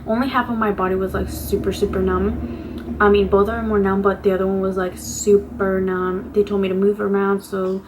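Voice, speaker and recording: A woman's voice: medium pitch, little pitch movement, moderate pace, background noise. A young woman vlogger telling a personal story in a casual, chatty way, full of "like" fillers, candidly acting out what people said to her. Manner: candid, acts out quoted exchanges.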